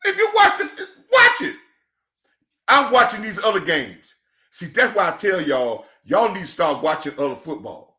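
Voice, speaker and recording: A man in a passionate, preachy football rant, swinging between shouting and quiet emotion, calling his listeners "church". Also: sits high, sing-song, normal speed. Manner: preachy, emphatic, calls audience "church". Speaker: football commentator. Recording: echoey room.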